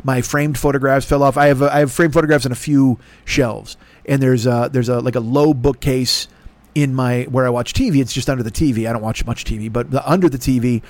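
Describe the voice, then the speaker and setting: A man's voice: mid-range voice, fairly even intonation, fairly quick, darkish tone, no echo. A middle-aged man hosting a show, telling a long story in a rambling, sardonic way with lots of swearing. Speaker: podcast host. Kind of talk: casual profane monologue.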